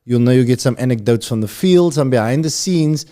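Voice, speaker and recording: Cape Town South African man, thirties, podcast host; mellow tone, chatty and rambling. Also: mid-range voice, lively intonation, fairly quick. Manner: rambling, upbeat, addresses the audience directly. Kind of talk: casual chat.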